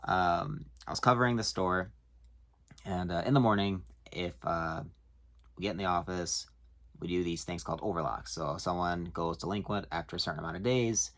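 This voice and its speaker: Deep-voiced man telling work stories. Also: fairly even intonation, moderate pace, a bit bright. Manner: chuckling, hesitant with many fillers. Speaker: storage facility worker. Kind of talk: casual storytelling to camera.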